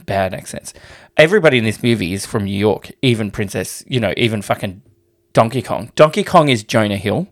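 A man's voice: lowish voice, lively intonation, fairly quick, hardly any pauses. A man co-hosting a podcast in casual chat, rambling and hesitant, swearing freely. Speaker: podcast co-host.

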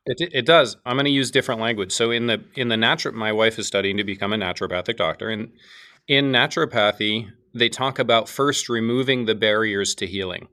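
A man hosts a podcast interview, speaking thoughtfully and often restarting to rephrase his points. His voice is fairly low for a man, with a bright, forceful edge. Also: fairly quick. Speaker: podcast host. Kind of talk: interview conversation.

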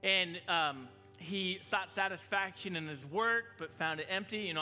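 A man's voice: high-pitched, moderate pace, hardly any pauses, bright, forceful tone, faint music behind. A male pastor giving a casual, joking sermon full of restarts. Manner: conversational, jokey, with many restarts.

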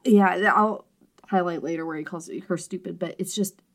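A woman's voice: fairly low pitch, fairly even intonation, moderate pace. A young woman co-hosting a book podcast, speaking earnestly and reflectively at length. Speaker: podcast co-host discussing a book. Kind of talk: casual chat.

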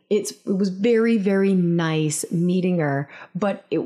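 Chatty thirtysomething woman host, self-mocking, swears a lot, jumps way up in pitch when she quotes people. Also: a little mellow. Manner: candid, self-deprecating, swears casually; acts out quoted voices with big pitch jumps. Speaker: podcast host. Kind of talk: casual storytelling monologue.

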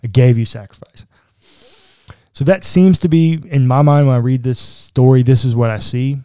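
A man's voice: medium pitch, normal speed, mellow, clean tone, no echo, clean studio sound. A man, a pastor, talking earnestly in a podcast discussion, with a casual, conversational manner. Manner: earnest, conversational, says "like" often.

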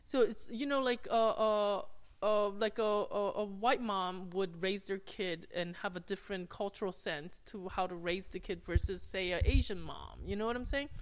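A woman's voice: medium pitch, moderate pace. A woman guest on a podcast, talking casually with lots of fillers and hesitations. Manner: chatty, hesitant with many fillers. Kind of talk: casual chat.

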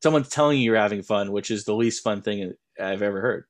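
A man's voice: fairly low pitch, quick pace. A young man co-hosting a podcast in casual chat, rambling with many restarts. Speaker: podcast co-host.

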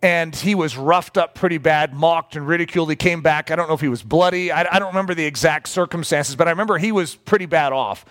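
A middle-aged man delivering a storytelling sermon, his voice sitting a little high for a man. He talks in an animated way, breaking into lively acted-out quotes as he recalls past events. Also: quick pace, hardly any pauses. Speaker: preacher.

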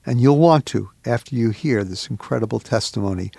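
A man's voice: mid-range voice, a little fast, gravelly, warm tone, husky, dry recording. A man hosting a ministry radio program, announcing an outreach and introducing a guest.

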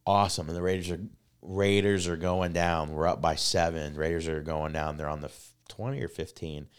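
A man co-hosting a casual podcast, telling a rambling, excitable story full of swearing and filler words. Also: sits low, moderate pace, clear, resonant tone. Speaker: podcast co-host. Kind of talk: casual chat.

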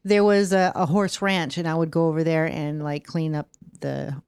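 A woman's voice: sits low, fairly even intonation, moderate pace, a little mellow, smooth, no echo, clean studio sound. A woman co-hosting a podcast, telling stories in a brash, swearing, casual way. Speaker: podcast co-host. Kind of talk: casual chat.

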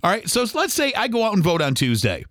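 Fired-up middle-aged male podcaster, high, lively delivery, dry close sound. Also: fast talker, no room sound. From Michigan, USA. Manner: emphatic and ranting, mimics other people's complaints. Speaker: podcast host. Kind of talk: opinionated solo podcast rant.

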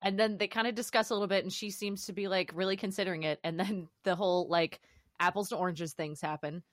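Woman podcast co-host, lively movie chat, acts out quotes, dry recording. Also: mid-range voice, fast, dry recording. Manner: animated, acts out quotes, laughs often. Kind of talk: casual film discussion.

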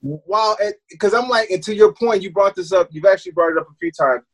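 Co-host, male, high voice, emphatic and profane, rhetorical ranting. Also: fast, low-quality recording. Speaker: podcast co-host. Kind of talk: casual political chat.

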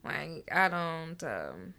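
A young woman co-hosting a podcast, telling stories in a profane, animated, casual way. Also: deep voice, extremely slow, creaky. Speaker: podcast co-host. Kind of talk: casual chat.

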